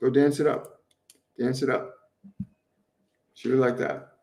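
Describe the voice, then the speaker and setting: A man hosting a live stream as a spiritual medium, answering viewers' questions in a gentle, earnest way and repeating phrases over and over for emphasis. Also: medium pitch, a little slow, vocal fry, distant mic. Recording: roomy echo, voice somewhat off-mic.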